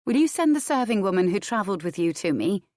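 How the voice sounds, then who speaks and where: A proud young countess from a historical romance audiobook, voiced by a woman reading in a lifted, slightly higher register. She speaks briskly and decisively, with a firm, commanding edge, and the sound is close and dry. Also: sing-song, a little mellow, dry recording, lightly acted. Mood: resolute.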